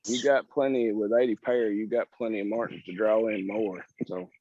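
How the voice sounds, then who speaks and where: Folksy Southern presenter, low voice, dull lo-fi call audio. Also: male voice, fairly even intonation, normal speed, no echo. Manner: folksy, joking, rambling with restarts. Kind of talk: casual presentation on a video call.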